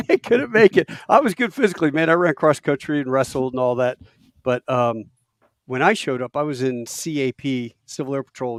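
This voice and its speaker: A man's voice: mid-range voice, dry recording, studio quality. A man in his late fifties, a podcast host, telling casual stories and laughing often. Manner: animated, laughs often, does loud impressions of drill instructors. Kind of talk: casual storytelling chat.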